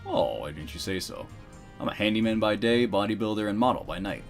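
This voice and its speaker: A man's voice: on the low side, animated, brisk, creaky, faint music behind. A man voicing a laid-back, boastful handyman and bodybuilder in a game. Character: dim, boastful young male handyman and bodybuilder.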